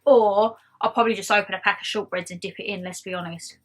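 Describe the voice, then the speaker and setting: Chatting fast to camera about her shopping haul, a young vlogger with a blend of Essex and Geordie accents rambles in a bubbly way. Her voice is medium-pitched with fairly even intonation.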